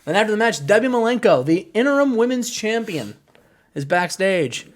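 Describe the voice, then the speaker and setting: A man with a high, light voice narrates his wrestling simulation game to a co-host. He is animated and slips into character voices to act out the promos. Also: normal speed. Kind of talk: narrating a wrestling sim playthrough.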